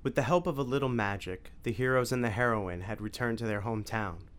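A man narrating an adventure story as an audiobook, with clear, evenly paced storytelling. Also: mid-range voice, a little fast, a bit bright.

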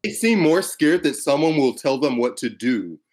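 A man's voice: mid-range voice, moderate pace. A man co-hosting a podcast, telling stories animatedly and swearing freely. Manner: animated, profane, storytelling with voiced quotes. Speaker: podcast co-host. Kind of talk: casual political chat.

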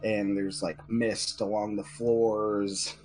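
A man with a fairly low voice, running a tabletop game with easy narration. He speaks in a relaxed, conversational manner. Faint music plays behind him. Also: slow. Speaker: game master.

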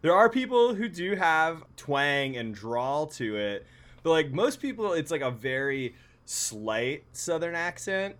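A man chatting casually as a podcast co-host, talkative and quick to laugh, with lots of filler words. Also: fairly high pitch, big pitch swings, fairly bright tone. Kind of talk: casual chat about music. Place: lives in North Carolina.

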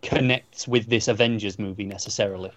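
A man's voice: lowish voice, fairly even intonation, fairly quick, a bit bright, a little hiss or hum. A man co-hosting a casual film podcast, opinionated and emphatic in his takes. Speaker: podcast co-host. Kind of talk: casual film-discussion chat.

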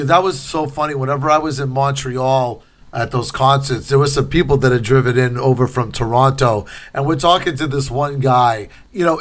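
A man's voice: mid-range voice, fairly bright tone. A man co-hosting a podcast in easygoing casual chat, laughing often and drawing out his trivia setups. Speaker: podcast co-host.

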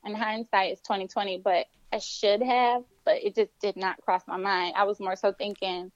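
A woman's voice: medium pitch, moderate pace, no echo, dull audio. A young woman telling a personal story in casual conversation, acting out the voices of the people in it. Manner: animated, acts out quoted voices. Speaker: guest telling her story.

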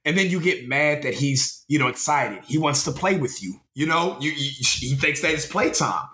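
A man's voice: a little high, moderate pace, echoey room. A man co-hosting a podcast in casual chat, swearing a lot and repeating his words as he talks. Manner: profane, animated, repeats words. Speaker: podcast co-host.

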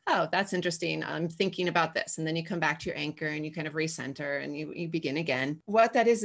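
Chatty woman with frequent fillers. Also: fairly low pitch. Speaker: guest. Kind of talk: casual conversation.

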